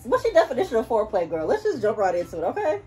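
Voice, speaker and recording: A woman co-hosting a podcast in casual chat, bubbly and animated, hyping up her friend. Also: a little high, very fast. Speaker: podcast co-host.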